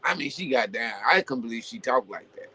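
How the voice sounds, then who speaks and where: A man hosting his own show, talking casually and at length, full of "you know" fillers and restarts, building into animated rhetorical questions. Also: mid-range voice, brisk, breathy edge, low-quality recording. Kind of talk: casual opinion monologue.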